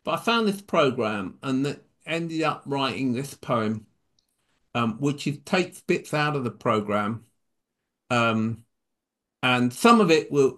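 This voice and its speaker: A man from England, a poet, reading a comic poem and then chatting hesitantly about his work with a wry humor. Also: medium pitch. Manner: wry, hesitant between poems, animated when reciting. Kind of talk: poetry reading and chat.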